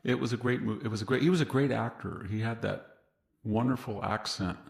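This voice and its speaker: A man's voice: medium pitch, a little fast, gravelly. A man from California, a guest historian in a casual interview, who tells long anecdotal stories and laughs at his own jokes. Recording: roomy echoey sound.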